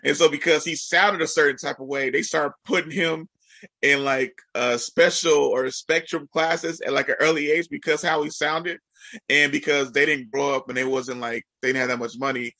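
A man's voice: a little high, fairly even intonation, moderate pace, pushed and bright, no room sound. A man, an educator, telling a story in casual podcast chat with a slightly nasal, congested sound, rambling and full of fillers.

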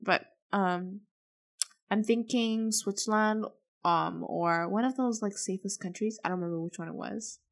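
A teenage girl co-hosting a podcast in casual chat, sarcastic and animated, with lots of "um" and "like". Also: medium pitch, measured pace, gravelly. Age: teens. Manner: sarcastic, animated, many fillers. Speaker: podcast co-host.

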